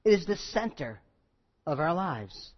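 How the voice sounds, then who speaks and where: A male pastor preaching a sermon, emphatic, repeating key phrases and swinging between loud and quiet. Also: on the high side, sing-song, measured pace, highs cut off.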